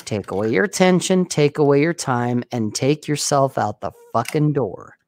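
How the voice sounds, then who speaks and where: Forceful, profane podcast co-host. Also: medium pitch, expressive, moderate pace. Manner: forceful, profane, emphatic one-liners. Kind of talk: casual podcast chat.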